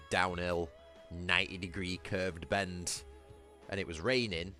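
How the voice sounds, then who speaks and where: Deep-voiced man chatting. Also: sharp tone. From Britain. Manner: rambling, swears freely, laughs often. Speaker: gaming livestreamer. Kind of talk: casual chat with viewers.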